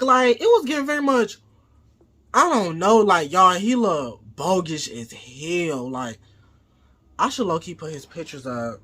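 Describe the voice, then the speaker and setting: A man vlogging a casual storytime monologue, profane and animated, acting out his own quoted lines as he goes. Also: high-pitched, unhurried, slightly rough.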